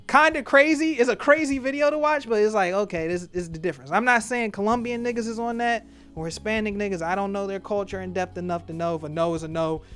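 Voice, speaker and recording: Male commentary host, slightly high voice, animated delivery, faint music bed. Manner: animated, acts out quotes in voices. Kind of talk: casual commentary.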